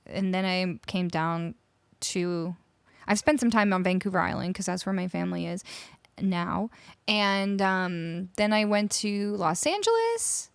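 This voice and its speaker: Speaking into a studio mic with no echo, a woman from Canada with a medium-pitched voice hosts a live music stream. She keeps things casual, saying hello to viewers and reading out what they type in chat.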